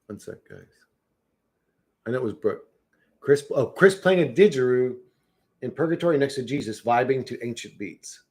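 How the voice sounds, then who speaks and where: A man's voice: mid-range voice, expressive, normal speed, long pauses, darkish tone, slight background noise. A man chatting casually on a livestream, rambling and swearing, often restarting his words.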